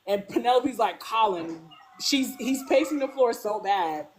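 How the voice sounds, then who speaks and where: A woman talking casually as a guest, animated, acting out characters' lines and saying "like" constantly. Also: unhurried, slight background noise. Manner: animated, acts out characters' lines with big pitch jumps; peppers speech with "like". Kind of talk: casual fan discussion.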